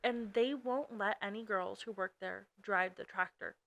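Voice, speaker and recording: A young woman co-hosting a casual podcast, chatty and quick to agree or sound incredulous. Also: medium pitch, vocal fry, fairly bright tone, dry recording. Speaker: podcast co-host. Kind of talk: casual chat.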